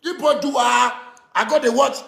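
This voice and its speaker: A Ghanaian man rants on a live stream in a very high, gravelly voice, often shouting. His words bounce around an echoey room. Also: steady tone, moderate pace. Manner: ranting, switching between Twi and pidgin, shouting often. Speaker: musician speaking to fans. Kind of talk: animated live-stream rant.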